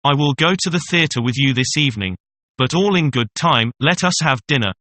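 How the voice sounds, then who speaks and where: A man's voice: mid-range voice, lively intonation, moderate pace, pushed and bright, slight background noise. A man reading a mocking young mistress. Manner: teasing, scornful. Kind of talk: audiobook reading.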